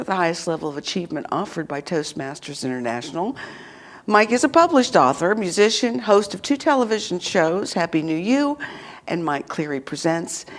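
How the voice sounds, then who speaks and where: A woman leading a church service, reading scripture and introducing the speaker in a measured way. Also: sits low. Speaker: service leader. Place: church sanctuary.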